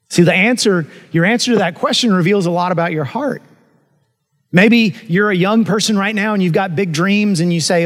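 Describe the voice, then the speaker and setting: Male pastor, sermon delivery, somewhat high voice, earnest with emphatic swells and soft asides, long hall reverb. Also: brisk. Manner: earnest preaching with emphatic rises and hushed asides.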